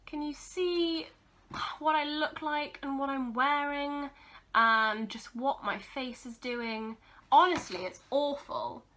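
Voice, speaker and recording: Bright-voiced young woman, gushing. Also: high-pitched, slow pace. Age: young adult. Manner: gushing, giggly, sentimental. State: teary-eyed. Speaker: vlogger. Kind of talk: casual vlog chat.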